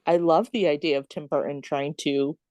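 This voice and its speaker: A woman's voice: low voice, steady tone, normal speed, a little mellow, no room sound, studio quality. A woman co-hosting a podcast, chatty and giggly, thinking aloud about a film. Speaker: podcast co-host. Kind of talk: casual chat about a film.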